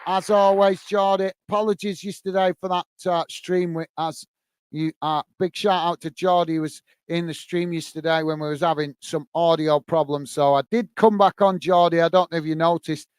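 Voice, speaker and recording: A man's voice: fairly high pitch, smooth, no room sound. A man hosting a live football watch-along, describing play and chatting with viewers, calling them mate. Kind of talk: live match commentary and chat with viewers.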